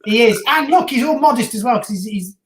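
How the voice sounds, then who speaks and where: A woman's voice: fairly high pitch, expressive, fairly quick. A woman co-hosting a live football reaction stream, reading viewer comments aloud and laughing easily. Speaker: co-host. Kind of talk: live match reaction chat. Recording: roomy echo.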